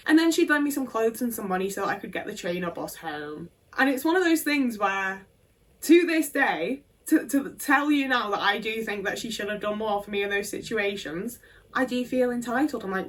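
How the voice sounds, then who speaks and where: A woman's voice: on the high side, animated, a little fast, distant mic. Blunt, sweary woman telling her story. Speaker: video creator. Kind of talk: candid storytime.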